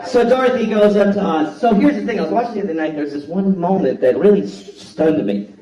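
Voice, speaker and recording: A man's voice: high voice, fast talker, a crowd in the background. A man doing a blunt, profane stand-up comedy routine on a theater stage, acting out voices for a live audience. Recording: echoey hall, distant mic, audience laughter.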